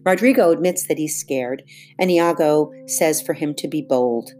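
A woman calmly explaining a play scene line by line, like a teacher. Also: sits low, moderate pace, soft background music.

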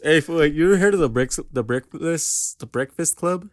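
A man's voice: on the high side, lively intonation, moderate pace, no room sound. A young man hosts a podcast in loose, crude banter. He rambles, laughs a lot and loses his train of thought, his voice close and dry. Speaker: podcast host.

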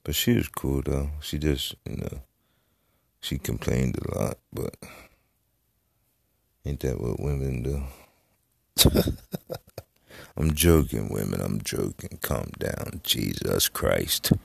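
Middle-aged guy on his own podcast, super deep gravelly voice, dry sound, rambling and cussing. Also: expressive, takes it slowly, no room sound. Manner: rambling, profane, trailing off with many fillers. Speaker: podcast host. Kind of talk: casual solo podcast rambling. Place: Florida.

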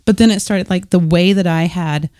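Lively storytelling woman, low mellow voice. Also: normal speed, no echo, clean studio sound. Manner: animated storyteller, acts out quoted dialogue; restarts and filler words. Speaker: podcast guest. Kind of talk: casual faith chat.

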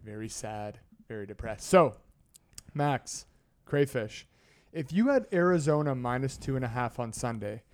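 A man's voice: mid-range voice, measured pace, smooth. A man co-hosting a sports betting podcast, telling stories in casual banter and acting out movie scenes. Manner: storytelling, animated retellings of movie scenes. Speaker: podcast co-host.

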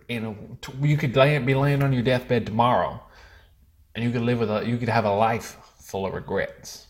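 A man's voice: mid-range voice, a little mellow, close to an everyday voice. A man putting on a wavering American accent to play a profane patriotic American man ranting about laziness. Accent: put-on American. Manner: preachy, scolding, profane.

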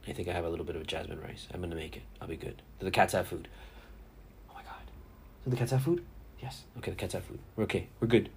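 Profane, animated man ranting casually. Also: low voice, fast, creaky, slight background noise. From Miami area. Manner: profane, rambling, animated storyteller. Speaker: podcast host. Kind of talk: casual sports chat and storytelling.

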